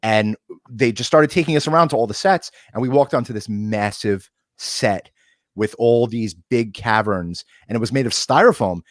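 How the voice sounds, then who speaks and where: A man from the United States co-hosting an interview, telling stories in a lively way. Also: medium pitch, normal speed, no room sound, studio quality. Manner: lively storyteller. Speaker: co-host. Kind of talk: casual interview talk.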